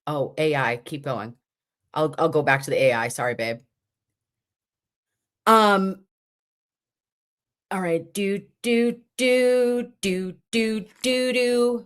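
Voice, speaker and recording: A woman in her forties hosting a casual livestream, chatty and animated, acting out the things people said to her. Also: medium pitch, slow, pauses often. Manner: animated, chatty, acts out quotes. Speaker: livestream host.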